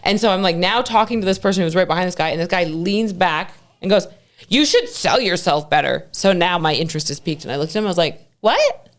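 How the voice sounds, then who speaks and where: A young woman joins a podcast as a guest and tells her stories with lively energy. Her talk is loose and casual, full of swearing. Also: fairly low pitch, fast talker. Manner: animated storyteller, profane. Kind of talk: casual chat.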